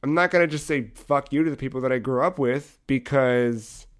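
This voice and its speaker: A young man co-hosting a casual podcast, retelling a video game story with lively acted-out dialogue and frequent swearing. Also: medium pitch, normal speed, smooth. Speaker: podcast co-host.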